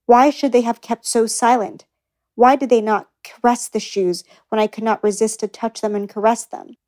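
A woman reading a first-person memoir aloud as an audiobook narrator, in a measured, earnest way. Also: a little high, fairly even intonation, darkish tone.

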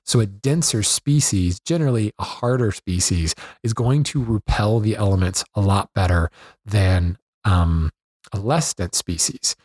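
Husky low-voiced man teaching woodworking. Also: unhurried, dry recording, studio quality. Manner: relaxed, conversational, with fillers and self-corrections. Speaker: woodworking instructor. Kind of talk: unscripted explanatory lesson.

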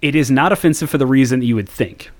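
A man from the United States hosts a casual podcast and tells his story with animated, profane energy. He talks in a mid-range voice and often swears. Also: medium pitch, fast talker. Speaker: podcast host.

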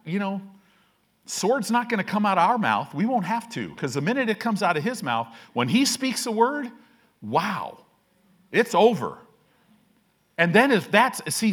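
A man's voice: on the high side, fairly bright tone. A man preaching a sermon as pastor, casual and self-deprecating, often checking in with "right?".

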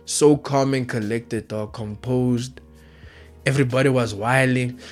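A young man rants casually about football, excitable and slang-heavy, tagging nearly every phrase with street slang. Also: mid-range voice, a little slow, faint music behind. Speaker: vlogger.

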